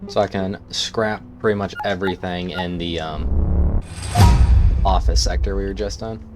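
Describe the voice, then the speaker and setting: A man's voice: low voice, fairly even intonation, measured pace. A man casually thinking aloud as he plays a survival game. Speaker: gameplay streamer. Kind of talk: let's-play commentary. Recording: game music underneath.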